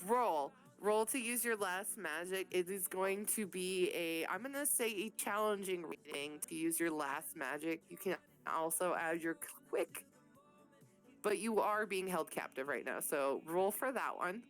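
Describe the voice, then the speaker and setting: A woman running a tabletop game as game master, telling the scene in a casual, profane, animated way. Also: lowish voice, measured pace, faint music behind.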